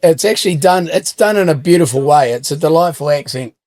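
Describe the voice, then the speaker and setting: A man's voice: fairly high pitch, brisk, darkish tone, no room sound. Cheeky New man spinning yarns. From New Zealand. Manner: cheeky yarn-spinner, swears freely, dry humour. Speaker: host. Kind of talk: casual chat.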